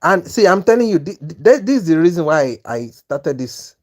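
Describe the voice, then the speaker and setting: A man hosting a live trading stream, talking through his trades and mentoring viewers with lively, repetitive asides like "you understand?". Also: on the high side, moderate pace. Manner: animated, repeats "you understand?" often, stammers on restarts.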